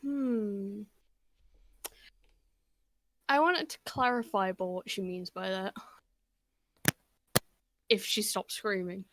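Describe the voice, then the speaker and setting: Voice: mid-range voice, fairly bright tone, slight background noise. A player in a tabletop role-play session, speaking playfully and drawing words out. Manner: slow, playful, drawn-out.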